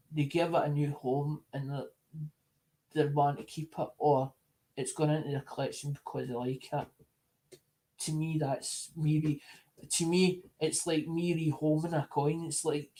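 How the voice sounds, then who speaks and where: This male coin collector vlogger has a somewhat high, warm voice. In a relaxed, rambling monologue, he talks to his supporters at an easy pace, often repeating himself and starting phrases over.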